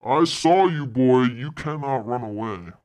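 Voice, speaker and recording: A woman voicing a menacing male warrior in a tabletop game, giving slow, threatening commands. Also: rumbling low, expressive, a little mellow, pitched below the performer's own voice.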